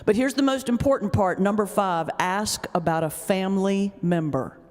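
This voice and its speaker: A woman's voice: medium pitch, moderate pace, darkish tone. A middle-aged woman, an ordained minister giving a humorous lecture with a joking, teasing storyteller's delivery. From North Carolina, US South. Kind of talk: humorous lecture with stand-up comedy. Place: large hall before a live audience. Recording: long reverb of a lecture hall.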